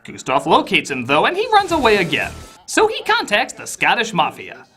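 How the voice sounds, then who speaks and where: Sarcastic man with wildly swinging pitch. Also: huge pitch swings, normal speed, slightly rough, faint music behind. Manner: sarcastic, exasperated, bursts into shouting. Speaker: host, film reviewer. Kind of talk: scripted comedic review narration.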